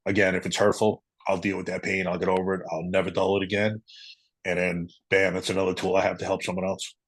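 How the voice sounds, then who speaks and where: A middle-aged man, a retired police officer, earnestly telling a personal story in an interview, halting and emotional at times. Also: sits low, flat delivery, no echo, poor audio.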